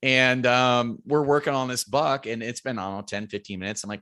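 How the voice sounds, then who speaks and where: Appearing as a guest on a podcast, a bow hunter tells a hunting story in a bright, forceful, clear and resonant voice, talking fairly quickly. He's animated and loose-tongued, swearing freely and raising his pitch to act out friends yelling across a mountainside. The recording is dry and close, with no echo or room sound.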